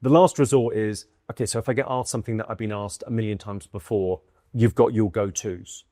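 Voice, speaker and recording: A man from the UK, a comedian and guest, telling stories in lively conversation and acting out what people said. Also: on the low side, dry recording, studio quality. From United Kingdom. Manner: quick, lively storytelling with acted-out quotes and bursts of laughter. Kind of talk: animated conversational storytelling.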